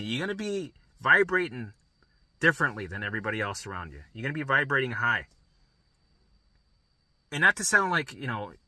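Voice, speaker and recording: A man's voice: mid-range voice, bright, forceful tone, dry recording. A man coaching listeners through recovery in a blunt, profane, emphatic motivational monologue.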